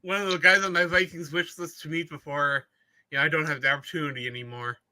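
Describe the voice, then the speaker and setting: A man's voice: fairly high pitch, fairly even intonation, fast talker, pushed and bright. A man co-hosting a sports podcast, telling stories in casual chat and laughing easily. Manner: chatty storyteller, laughs easily. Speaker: podcast co-host.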